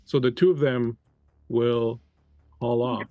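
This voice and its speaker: Chatty game master, dry close sound. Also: male voice, medium pitch, steady tone, takes it slowly, dry recording, narrow, tinny audio, soft background music. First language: French. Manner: loose, chatty, many fillers. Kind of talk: narrating a tabletop game.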